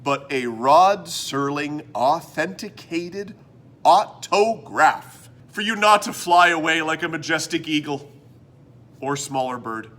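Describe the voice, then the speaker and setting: A Canadian man hosting a rambling comedy show from a room, theatrical and self-mocking, swinging between loud bits and mumbled asides. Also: fairly high pitch, unhurried. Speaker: host. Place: indoor room.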